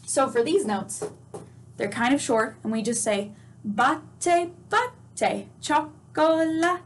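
A woman's voice: on the high side, normal speed, slight background noise. A woman teaching a children's music lesson, patient and encouraging, asking questions and singing and chanting examples. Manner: sings note names and chants.

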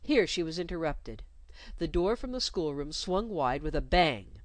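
A woman reading a story aloud in an expressive, measured way. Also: low-pitched, no room sound. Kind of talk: scripted storybook narration.

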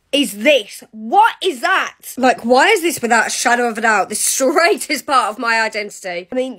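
A woman with a high voice rants to camera in a casual vlog. She is brash and swears freely, playing up her outrage. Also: fairly bright tone. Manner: brash, profane, mock-outraged.

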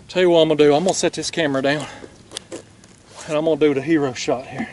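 Excitable man on a kayak. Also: fairly high pitch, slight background noise. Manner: excitable, exclaiming, drawn-out words. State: out of breath. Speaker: fishing channel host. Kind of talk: excited outdoor vlog. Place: kayak on a lake outdoors.

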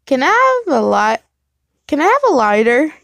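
Woman reading a gentle, shy teen boy in a plain storybook voice, dry close sound. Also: sits high, big pitch swings, normal speed, creaky, dry recording, pitched above the performer's own voice, heavily acted.

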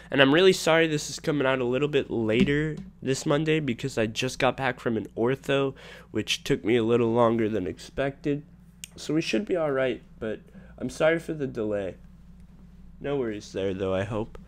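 Excitable young man commentating gameplay. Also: medium pitch, normal speed, slight background noise. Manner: excitable, trash-talking, swings between mumbling and shouting. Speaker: gaming channel host.

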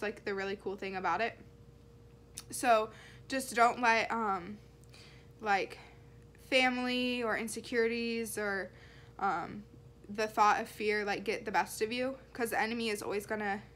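A woman's voice: medium pitch, fairly bright tone, slight background noise. A young woman talking casually to her camera, earnest and rambling, with lots of likes and ums. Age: young adult. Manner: earnest, rambling, many fillers. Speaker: vlogger. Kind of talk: casual faith vlog.

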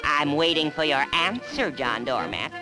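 This is a nagging, shrill housewife from a 1950s cartoon. Her pitch swings widely while she scolds and keeps repeating her husband's full name. It sits on an old 16mm film soundtrack with steady background music. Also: measured pace, rough recording. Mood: scolding. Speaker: cartoon voice actor.

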